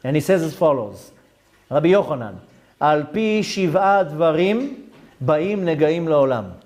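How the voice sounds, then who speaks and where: A man's voice: on the high side, lively intonation, measured pace, a little mellow. A man, a rabbi giving a Torah lecture to a class, explaining step by step with terms and side notes. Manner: explanatory, with Hebrew terms and frequent asides.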